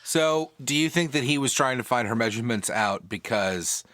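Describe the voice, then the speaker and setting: A man with a bright, forceful voice that swings widely in pitch, chatting about a game in a casual, rambling way. He restarts his sentences often and keeps a wry tone. The sound is dry and close to the mic. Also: lively intonation, moderate pace, no echo. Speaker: podcast co-host.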